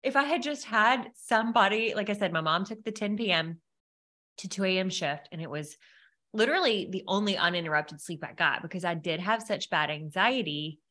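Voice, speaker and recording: A woman's voice: medium pitch, a little fast, bright, forceful tone. A woman hosting a podcast, speaking candidly and emotionally in a casual conversational way with many fillers. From America. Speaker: podcast host.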